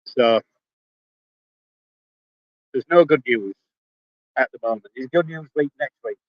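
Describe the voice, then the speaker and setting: An older Yorkshire man talks bluntly and casually into his phone, cursing freely. The sound is dry and close, a little dull in the highs. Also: slow pace, no echo. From Yorkshire, England. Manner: blunt, swears casually, speaks before thinking. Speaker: livestreamer. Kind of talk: casual live-stream chat. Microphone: phone held in hand.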